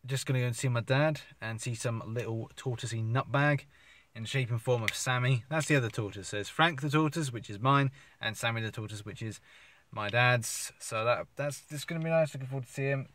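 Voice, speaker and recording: A man's voice: mid-range voice, brisk, fairly bright tone. A man vlogging on a phone, talking casually and rambling with lots of fillers and restarts. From England. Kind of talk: casual vlog talk to camera. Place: outdoors in a park. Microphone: phone camera.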